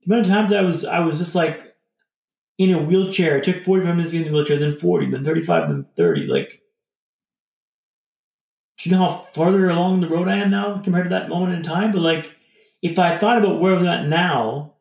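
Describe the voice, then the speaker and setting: A man with a slightly high, gravelly voice talks through a video call, his words bouncing around an echoey room. He rambles loosely and reflectively, stringing thoughts together with frequent fillers. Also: expressive, a little fast, darkish tone. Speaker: podcast guest. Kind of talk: casual reflective storytelling.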